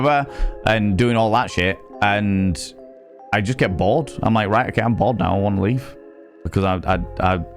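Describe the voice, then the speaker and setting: Sweary man telling stories on stream. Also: fairly low pitch. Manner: sweary, animated storytelling, reads chat aloud. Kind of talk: casual live-stream chat.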